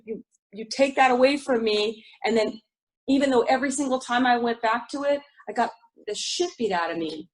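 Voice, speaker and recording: A middle-aged woman shares her recovery story in a raw, candid way. Her voice sits a little high, with a husky edge. She swears freely and often breaks off and restarts her sentences. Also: poor audio. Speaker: speaker sharing at a recovery study group.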